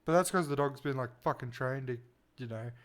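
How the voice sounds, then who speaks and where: A man co-hosting a casual gaming podcast over a voice call. He talks in a relaxed way, laughs often and swears casually. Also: medium pitch, a little fast. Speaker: podcast co-host and streamer.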